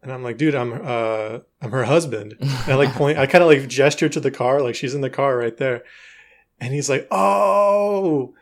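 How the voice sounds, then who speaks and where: A married man co-hosting a podcast, telling a story in a dry, low-key way. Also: brisk. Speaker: podcast co-host. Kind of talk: casual storytelling chat.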